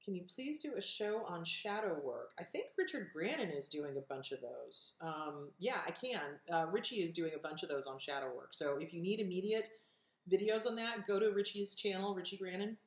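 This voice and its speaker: A woman's voice: on the low side, animated, moderate pace. A middle-aged woman from California hosting an advice show, blunt and direct, swearing freely as she answers viewer questions. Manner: direct, emphatic, encouraging. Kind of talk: casual advice talk. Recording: echoey room.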